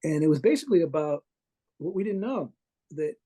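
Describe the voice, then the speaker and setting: A man's voice: on the high side, expressive, a little fast, mellow, breathy edge. A man being interviewed as a guest artist, telling long, rambling anecdotes full of restarts and little chuckles. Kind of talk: casual interview storytelling.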